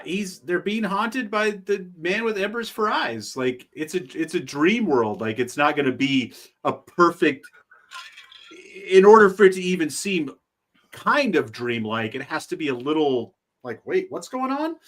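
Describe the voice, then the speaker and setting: A man in a casual podcast chat whose pitch swings widely as he talks. He sounds jokey and argues his point, with loose casual swearing. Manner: animated, jokey, defends his view. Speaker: podcast co-host. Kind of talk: casual chat reviewing a TV episode.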